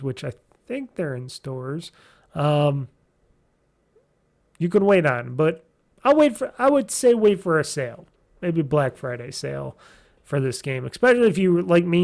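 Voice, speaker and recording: Male podcast host, gravelly, slightly high-pitched, rambling casual game talk. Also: a little mellow. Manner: loose and chatty, many fillers and restarts.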